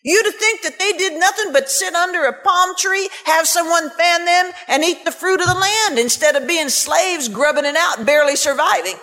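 Impassioned high-voiced woman preaching a sermon. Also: normal speed, few pauses, pushed and bright. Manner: impassioned and emphatic, scornful asides. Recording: long hall reverb, faint music.

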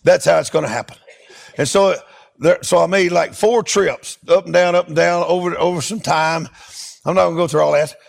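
A middle-aged man, a preacher telling a testimony in a sermon with animated, emphatic delivery. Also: a little high, fairly quick, gravelly. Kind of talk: sermon storytelling.

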